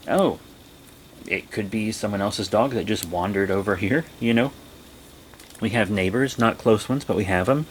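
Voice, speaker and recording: Speaking casually to his vlog audience, a young man meanders through a story and keeps breaking into excited, high-pitched exclamations. A faint hiss or hum sits in the background.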